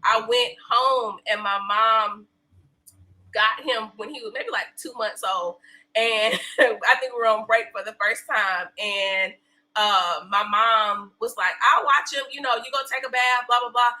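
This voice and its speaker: A woman in her thirties, a podcast guest, chatting casually and telling animated stories with laughs and acted-out quotes. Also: fairly high pitch, measured pace, poor audio. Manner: animated storyteller, laughs often, acts out quotes. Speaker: podcast guest, breastfeeding specialist. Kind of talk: casual interview chat.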